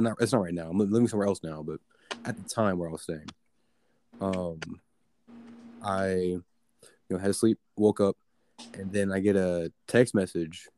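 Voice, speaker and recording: A man's voice: low voice, dark tone, slight background noise. A young man telling a story in casual chat, rambling with many fillers and swearing. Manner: rambling, filler-heavy, profane.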